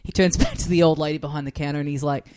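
Australian woman, podcast guest, sweary, animated storyteller, acts out quotes. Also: low-pitched, racing. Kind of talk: casual comedy podcast chat.

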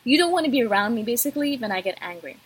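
A woman's voice: a little high, sing-song, very fast, breathy edge, poor audio. A woman vlogger talking straight to her viewers in an intense, passionate way. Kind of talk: direct-to-camera talk.

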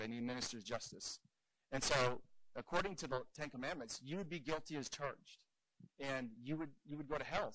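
A man teaching evangelism in an earnest, animated way, telling stories and acting out the dialogue. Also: medium pitch, background noise. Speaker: evangelism trainer.

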